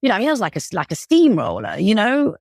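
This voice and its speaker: A woman from England in her forties, guesting on a podcast as a cake business founder, talks casually in a British accent, self-deprecating and full of fillers. Medium in pitch with a darkish tone and vocal fry, she moves quickly with huge swings in pitch. It's a clean studio recording without echo.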